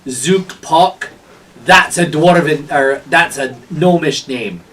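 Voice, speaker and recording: A man's voice: fairly high pitch, slow pace, fairly bright tone. A man playing a suspicious male town guard, with a dry, blunt manner, recorded from a distance.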